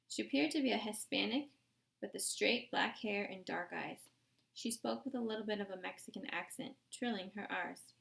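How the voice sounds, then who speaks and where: Woman reading a book out loud, lots of crackly fry, steady pace. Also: medium pitch, moderate pace. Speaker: audiobook reader. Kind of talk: reading a novel aloud.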